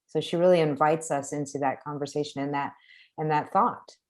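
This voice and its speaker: A woman's voice: deep voice, steady tone, a little fast, a little mellow. A woman leading a poetry class over a video call, effusive and encouraging, laughing often.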